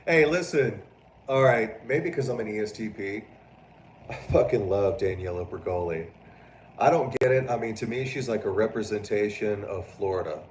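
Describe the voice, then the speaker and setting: A man hosts a casual livestream, reading viewer comments and riffing loudly with plenty of swearing. His voice sits low and sounds roomy, picked up from a little distance off the mic, with a faint hiss behind it. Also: moderate pace. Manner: loud, animated, profane, prone to mocking voices. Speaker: livestream host.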